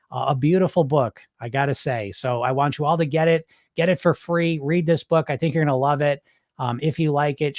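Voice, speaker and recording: High-voiced man, fired-up and blunt. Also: no room sound, clean studio sound. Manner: excitable, swears, gets worked up then calms down; informal and blunt. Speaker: weight-loss hypnosis coach hosting a live stream. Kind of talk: casual live-stream talk reading viewer comments.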